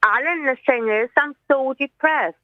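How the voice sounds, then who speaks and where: A woman's voice: high-pitched, normal speed, dry recording. A frightened woman, calling in to a radio phone-in and talking in an anxious, rambling, pleading way. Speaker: caller. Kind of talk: phone-in call. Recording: tinny phone line.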